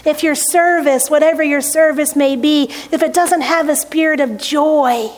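A woman's voice: high-pitched, normal speed. A woman pastor preaching a conversational sermon to her congregation, speaking from a church sanctuary. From United States. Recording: hall reverb, church sanctuary.

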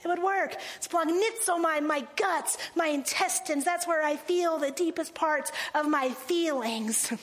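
A woman pastor preaching a sermon, animated and laughing, dropping to slow, hushed phrases for emphasis. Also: sits high.

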